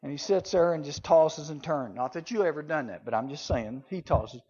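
Preaching to junior high students in a conversational style, this youth preacher swings between loud and hushed delivery. He talks a little fast with a slightly rough voice, captured on a dull, lo-fi recording.

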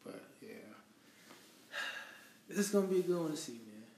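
Gravelly laid-back man, off-mic. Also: a little high, lively intonation, measured pace, darkish tone. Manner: laid-back, says bro and man a lot. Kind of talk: casual sports talk. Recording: distant mic in an echoey room with faint noise.

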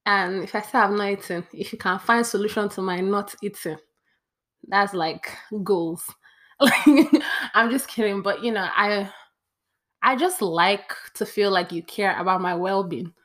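A woman's voice: mid-range voice, normal speed, a bit bright. A young woman, chatting playfully to camera as she counts off a list. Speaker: vlogger. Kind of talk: casual talk to camera.

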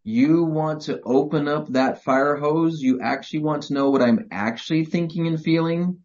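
A man voicing an exasperated, blunt adult wife, talking emphatically and fast, on a muffled lo-fi recording. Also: on the high side, darkish tone, close to an everyday voice.

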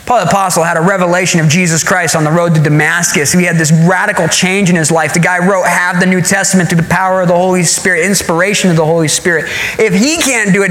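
High-voiced man preaching in an echoey hall. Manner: animated preaching, acting out scripture with rising pitch, chuckles often. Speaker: pastor. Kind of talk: sermon. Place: church.

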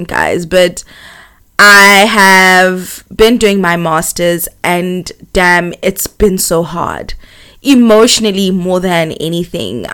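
Slow, candid young woman vlogging. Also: lowish voice, a bit bright. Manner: candid, rambling, many fillers. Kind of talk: casual confessional chat.

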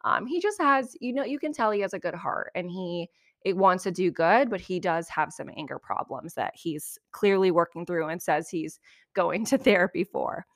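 A woman hosting a podcast, giving a chatty, animated recap of reality TV with lots of asides. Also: lowish voice, moderate pace, dry recording, clean studio sound. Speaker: podcast host.

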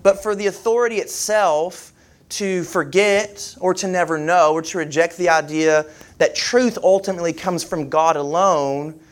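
A man delivering a sermon as pastor, his voice a little rough from a head cold, talking in a conversational way with pauses and fillers. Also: high-pitched, steady tone.

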